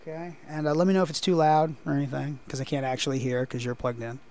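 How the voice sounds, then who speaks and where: A man's voice: fairly high pitch, little pitch movement, quick pace, a little mellow. A man co-hosting a casual podcast on a headset, rambling and hesitant with lots of fillers. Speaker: podcast co-host.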